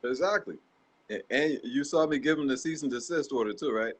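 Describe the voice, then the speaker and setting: A man in a casual chat who talks in a defiant, animated way. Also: mid-range voice, fairly quick, slightly rough.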